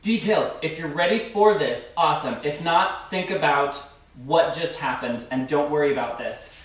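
A man's voice: a little high, moderate pace. A man teaching a live-streamed dance class, counting steps aloud with chatty asides. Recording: echoey room, far from phone mic.

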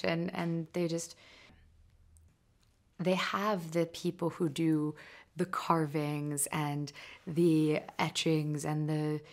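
With a low-sitting voice, this film crew member offers a promotional interview soundbite. She speaks in a thoughtful, halting manner and restarts her sentences.

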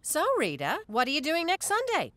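A meddling cartoon mom. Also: female voice, sits high, wildly swooping pitch, normal speed, fairly bright tone, no echo, full character voice. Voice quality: theatrical, sing-song and snappish. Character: overbearing, meddling cartoon mother. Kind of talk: adult cartoon voice acting.

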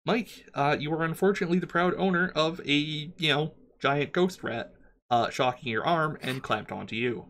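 A man with a slightly high voice and a fairly bright tone runs a tabletop game as game master, narrating at a moderate pace. He rambles, with plenty of fillers and restarts, and there's a bit of background noise.

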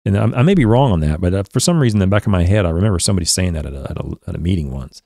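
Male podcast host, low-ish voice, dry close mic, reads papers aloud with excited stumbles. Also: rapid-fire, vocal fry, dry recording. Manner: excitable, stumbling over words, restarts often. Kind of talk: reading aloud and commenting.

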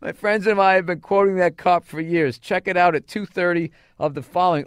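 A man's voice: sits high, fairly even intonation, fairly quick, hardly any pauses, smooth, no echo, studio quality. A man hosting a podcast, reading listener emails aloud with profane, sarcastic asides. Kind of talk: casual podcast chat.

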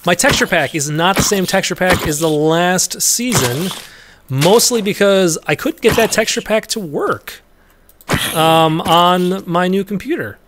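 A man's voice: high-pitched, a little hiss or hum. A man hosting a let's play in casual gameplay commentary, rambling along and chatting to the creatures in the game, with easy laughs and sudden yelps. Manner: laughs easily, bursts into loud yelps.

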